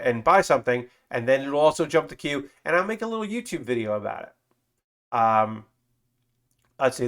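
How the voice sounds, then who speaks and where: A man's voice: medium pitch, fairly bright tone. A man streaming as he builds a model kit, chatting loosely with fillers and casual swearing. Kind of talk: casual live-stream chat.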